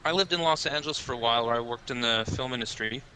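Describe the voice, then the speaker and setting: A man co-hosting a podcast, chatting easily and telling stories in a relaxed way. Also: medium pitch, quick pace, crowd noise. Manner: easygoing storyteller, chatty. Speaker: podcast co-host on a trip. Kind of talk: casual podcast chat.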